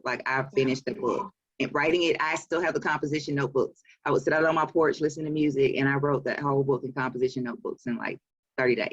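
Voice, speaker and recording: A woman's voice: extremely low pitch, no room sound, muffled recording. A woman in her forties with a Southern US accent, an author talking about her work in a casual interview, chatty and laughing often. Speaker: author and publisher.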